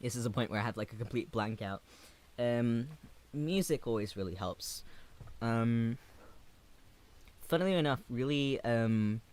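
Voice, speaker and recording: Hesitant pauses mark the way a livestreamer in his 20s reads chat aloud, warm and gentle. He has a mid-range voice.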